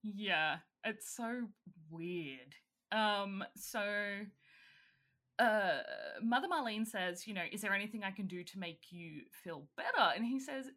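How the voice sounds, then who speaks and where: A woman's voice: mid-range voice, lively intonation, takes it slowly, sharp tone. A woman casually recapping a film's plot, giggling often. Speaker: podcast co-host. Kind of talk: casual chat recapping a film.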